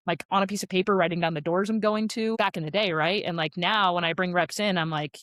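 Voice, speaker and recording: A woman in her thirties, a podcast guest telling her story in a casual, chatty way, full of "like" fillers and quick asides. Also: on the low side, a bit bright, no echo, clean studio sound. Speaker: podcast guest, sales rep.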